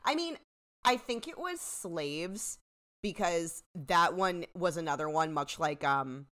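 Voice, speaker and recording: A woman's voice: lowish voice, takes it slowly. A woman co-hosting a podcast, chatting casually and wryly while recapping a TV season, swearing freely. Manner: animated, wry, swears freely. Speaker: podcast co-host.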